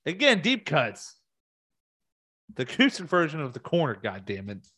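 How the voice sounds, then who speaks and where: A man's voice: a little high, huge pitch swings, normal speed, fairly bright tone, dry recording. A man ranting on a vlog as a music fan, heated and profane, his voice jumping up in sudden outbursts. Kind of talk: casual rant.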